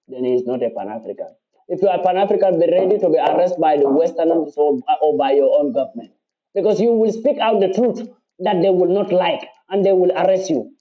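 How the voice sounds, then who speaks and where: A man with a Gambian accent talks straight to his followers in a passionate, defiant monologue. His voice sits high for a man, and he drives his points home by repeating them and swearing oaths. The recording sounds dull and lo-fi. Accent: Gambian English. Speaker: activist speaking to his followers. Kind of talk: impassioned monologue.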